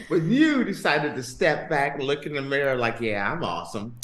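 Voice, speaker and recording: A man's voice: fairly high pitch, big pitch swings, slow pace, a bit bright, a little hiss or hum. A man hosting a sports podcast, chatting casually with a co-host, laughing and rambling as he talks. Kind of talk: casual chat. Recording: roomy echo.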